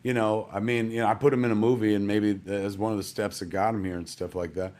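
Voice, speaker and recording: A man's voice: fairly low pitch, little pitch movement, fast talker, darkish tone. Middle-aged guy hosting a stream from his house, rambly and jokey, keeps saying man. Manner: rambling, jokey, calls everyone "man" and "kids". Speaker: live-stream host. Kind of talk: casual live-stream hosting. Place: at home.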